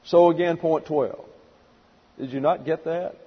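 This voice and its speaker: A man with a husky, slightly high voice delivers a methodical Bible lesson, counting off numbered points and dropping dry asides. The sound is dull and lo-fi, with a long hall reverb. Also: fairly even intonation, unhurried. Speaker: pastor. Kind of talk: expository Bible teaching.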